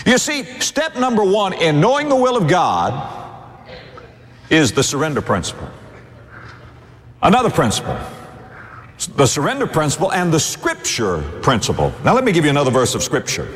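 Emphatic preacher man, lively pitch. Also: fairly quick, in a large hall. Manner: emphatic, rhetorical questions, sweeping pitch swings. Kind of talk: sermon.

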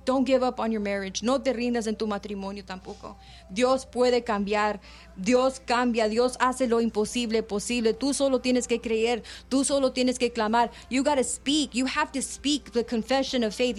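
Fervent woman preacher, high voice. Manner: fervent, switches between English and Spanish. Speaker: radio preacher. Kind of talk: bilingual sermon.

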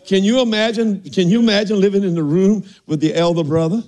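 A man's voice: high voice, fairly even intonation, a little fast, a little mellow. An older man preaching a folksy sermon, often asking "are y'all listening" and saying amen.

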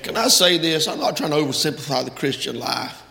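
A man preaching a fervent sermon in a church, rising to loud, emphatic peaks. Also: fairly high pitch, fairly quick, gravelly. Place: church sanctuary. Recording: echoey hall from far off.

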